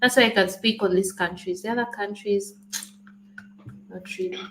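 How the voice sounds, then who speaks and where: A woman's voice: medium pitch, steady tone, normal speed, a bit bright, slight background noise, rough recording. Teasing woman in casual chat. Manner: teasing, playful. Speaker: co-host, vlogger's wife.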